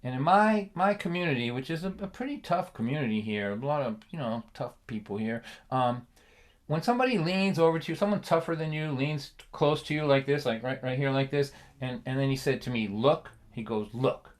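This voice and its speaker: A man telling a comic family story on a livestream, chatty and animated, laughing often and checking in with the listener. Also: mid-range voice, brisk.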